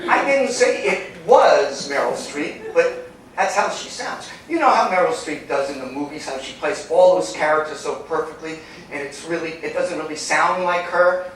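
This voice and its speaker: A man's voice: a little high, normal speed, a bit bright, natural voice. A sarcastic, griping wealthy man who mocks everyone around him, as a man plays him on stage. His voice carries through a very echoey hall from a distance, with faint background hiss. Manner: sarcastic, complaining. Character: loud sarcastic rich man at a party. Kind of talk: live stage comedy acting. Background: audience laughter.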